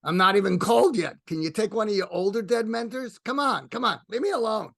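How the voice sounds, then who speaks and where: A man's voice: sits high, a little fast, creaky, a bit bright, dry recording, clean studio sound, pitched above the performer's own voice, full character voice. A man imitating an impatient older friend with a Brooklyn accent, grumbling and exasperated. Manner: exasperated, nagging.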